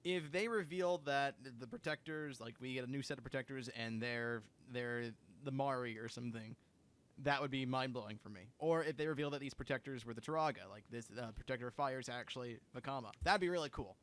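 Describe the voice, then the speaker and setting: A man co-hosting a casual podcast who jokes around and gets excited, often restarting his sentences. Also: mid-range voice, fairly quick. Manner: excitable, joking, with frequent restarts. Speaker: podcast co-host.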